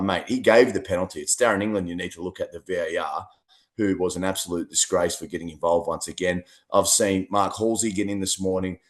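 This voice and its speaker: An Australian man co-hosting a podcast, chatting in a lively, rambling way and often repeating words. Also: low voice. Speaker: co-host. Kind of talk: casual podcast chat.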